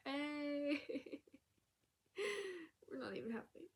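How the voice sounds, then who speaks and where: Chatty high-voiced woman vlogging. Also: steady tone, normal speed, darkish tone. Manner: chatty and upbeat, often laughing. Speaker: book vlogger. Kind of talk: casual vlog chat to camera. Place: her bedroom at home.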